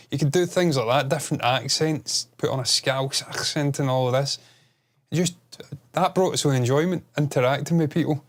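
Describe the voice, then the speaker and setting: A man co-hosting a casual podcast, excitable and rambling, swearing freely. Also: medium pitch, a little fast. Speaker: podcast co-host.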